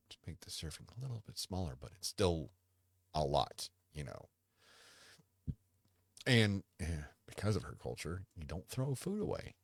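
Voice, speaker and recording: A man's voice: extremely low pitch, vocal fry, fairly bright tone, breathy edge, no echo. A man hosting a podcast, chatting casually on his own in a rambling, self-interrupting way with dry humor. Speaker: podcast host. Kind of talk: casual solo chat.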